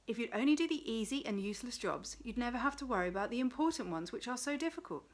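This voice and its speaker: A woman's voice: fairly high pitch, animated, fast talker, close to an everyday voice. A woman doing a snarling, wheedling demon man. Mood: menacing. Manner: snarling, then soft deceitful whisper. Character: sly male demon of petty tasks, menacing.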